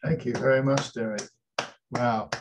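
A man's voice: mid-range voice, fairly even intonation, moderate pace. A man hosting an online poetry event, chatty and enthusiastic on a video call. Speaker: host. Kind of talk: casual chat. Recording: noisy video call line.

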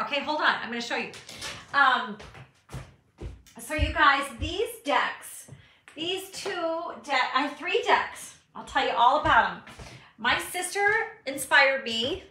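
A middle-aged woman runs a casual live chat from her art studio, chatty and full of fillers as she gushes and encourages viewers. Her fairly high voice is pushed and bright, and the room is echoey.

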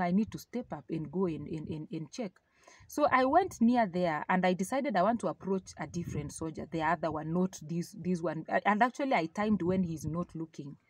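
A woman with a Kenyan accent giving a personal faith testimony, telling her story in an animated way and slipping Swahili phrases into her English. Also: lowish voice, dry recording.

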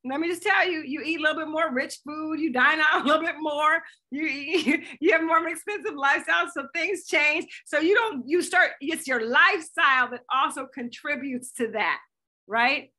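Woman, fitness coach, high, bright, energetic, chatty. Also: moderate pace. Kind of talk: live coaching call.

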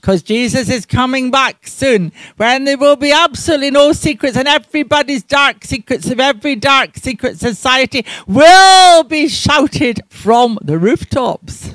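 A man with a strikingly high voice gives an unhurried devotional talk, speaking straight to his viewers and listeners. He is earnest, drifts into side notes and spells words out. The sound is close and dry. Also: lively intonation, fairly bright tone, dry recording. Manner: earnest, digressive, spells out names. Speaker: ministry presenter. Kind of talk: devotional local-history talk with prayer.

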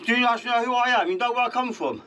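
A man's voice: extremely high pitch, rapid-fire, pushed and bright. A man with a London accent, aggressive and threatening, talking outdoors on a driveway and caught on a filming camera. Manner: aggressive, threatening, keeps saying "mate". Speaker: car owner.

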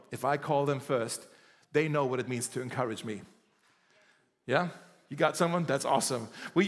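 A male pastor preaching a sermon in a conversational, animated way, acting out quoted dialogue. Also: fairly high pitch, in a large hall. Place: church.

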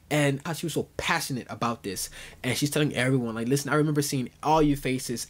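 A man with a slightly high voice talks through an anime episode in a loose, excited way. He keeps tossing in "you know" and "dude" as he goes, chatty and animated. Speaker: anime reviewer. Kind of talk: casual recap commentary.

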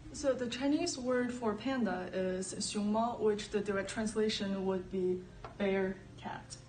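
A woman's voice: mid-range voice, a little slow, darkish tone. A woman speaks plainly and steadily, explaining phrases. She sounds far from the mic in a roomy space. Faint music plays behind her. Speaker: former student. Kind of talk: casual explanation.

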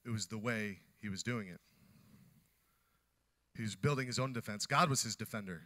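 A man preaching a sermon, animated, acting out the scripture characters as he teaches. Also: lowish voice, normal speed. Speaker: pastor.

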